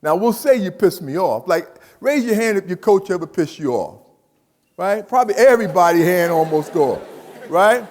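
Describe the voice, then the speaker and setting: A man's voice: high-pitched, normal speed. Emphatic man talking in a big hall. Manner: animated and emphatic, repeats phrases, asks the audience questions. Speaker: speaker addressing students. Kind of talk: motivational talk to a live audience. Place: large hall. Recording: reverberant hall.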